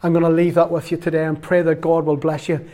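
Northern Irish male lay preacher, middle-aged, slightly higher voice, chatty storyteller who laughs and repeats himself. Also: monotone, fast, dark tone. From Northern Ireland. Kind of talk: storytelling sermon.

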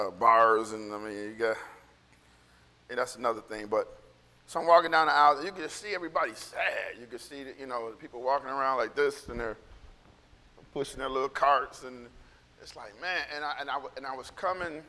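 A man's voice: mid-range voice, fairly quick, sharp tone. A male pastor preaching casually, telling a rambling story with many restarts that builds into fervent, repeated encouragement. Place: church sanctuary. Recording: long hall reverb.

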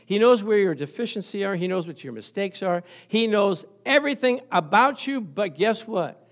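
A male pastor delivers a sermon in a fairly high voice. He tells everyday stories, laughs often, and keeps calling on the congregation for an amen. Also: animated, moderate pace. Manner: storytelling with call-and-response, laughing often.

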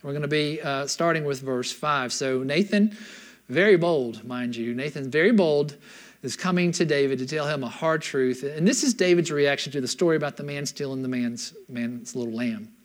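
A man preaching a sermon as a pastor, retelling scripture as an animated story in casual everyday words and often checking in with his listeners. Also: fairly high pitch, moderate pace.

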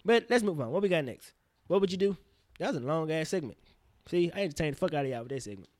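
A man hosting a casual solo podcast, rambling in slang with profane, animated outbursts. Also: a little high, fast, no echo, studio quality. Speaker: podcast host.

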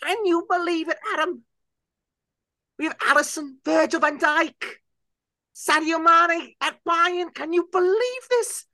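A man doing an exaggerated Liverpool-accented football pundit, shrill and near sobbing. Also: a little slow, sharp tone, dry recording, full character voice. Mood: anguished.

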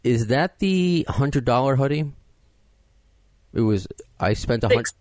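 A podcast host, chatting casually and poking fun at himself, with frequent restarts. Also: male voice, medium pitch, lively intonation, a little slow, darkish tone, no echo. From Queens, New York. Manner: self-deprecating, rambling with restarts.

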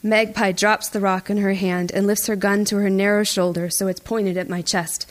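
Woman reading a tense audiobook, first person, steady and even. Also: mid-range voice, normal speed. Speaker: audiobook narrator. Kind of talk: first-person scripted narration.

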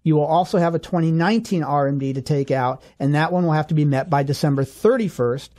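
A man co-hosting a radio finance show, explaining rules step by step in a steady, clear way. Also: fairly high pitch, quick pace. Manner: steady explanatory, walks through examples step by step. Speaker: financial advisor co-host.

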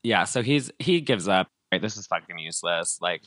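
A man's voice: low voice, lively intonation, moderate pace, fairly bright tone, dry recording. A man hosting a podcast, retelling a story in a casual, rambling way with lots of fillers. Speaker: podcast host.

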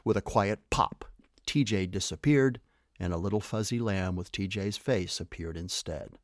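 Low-voiced man reading a children's story. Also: normal speed, dry recording, clean studio sound.

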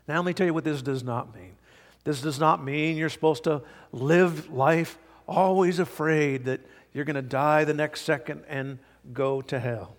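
An older man preaching a sermon as pastor, earnest and emphatic, sometimes dropping to soft asides. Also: on the high side, a little slow. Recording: long reverb of a large hall.

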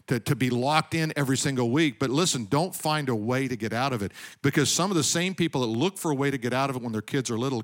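A middle-aged man preaching a sermon as pastor, telling personal stories and building to loud, emphatic calls to the congregation. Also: mid-range voice.

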